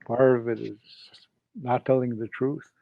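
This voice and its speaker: An older man from Canada, a guest in an interview, slowly and reflectively telling a personal story and retelling what others said. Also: medium pitch, steady tone, gravelly, no echo. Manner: slow, reflective, retells quoted speech. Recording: dull lo-fi dry sound.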